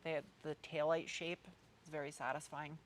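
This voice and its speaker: A woman in her thirties with a New England accent, talking in a slightly low voice. She hosts a casual live stream and answers viewer comments in a loose, meandering way, circling back and restarting her sentences. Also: flat delivery, normal speed, slight background noise. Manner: chatty, rambling, meandering with frequent restarts. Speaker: car channel host.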